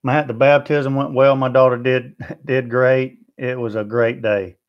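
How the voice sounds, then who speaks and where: A man's voice: medium pitch, level tone, unhurried, highs cut off. A man with a Southern US accent hosting a barbecue livestream, chatting in a friendly way and answering viewer comments one by one. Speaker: BBQ channel host. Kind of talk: livestream chat.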